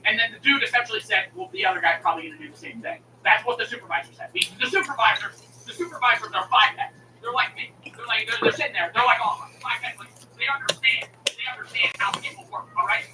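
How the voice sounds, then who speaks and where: A man streamer in a casual, heated rant, swearing and acting out both sides of a phone call. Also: extremely high pitch. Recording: echoey room mic from a distance with noise.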